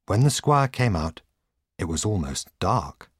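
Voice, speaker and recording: A man narrates a storybook at an unhurried pace, with a husky, slightly low voice. His reading moves a lot in pitch. The recording is dry and close. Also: very animated, no room sound. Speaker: audiobook reader.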